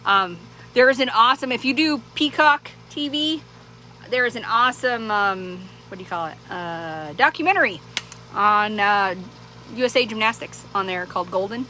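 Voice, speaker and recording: A woman's voice: mid-range voice, expressive, normal speed, pushed and bright, poor audio. A woman vlogger chatting casually to the camera, rambling and laughing often, with many restarts. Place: small town in Arizona. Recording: clear background noise.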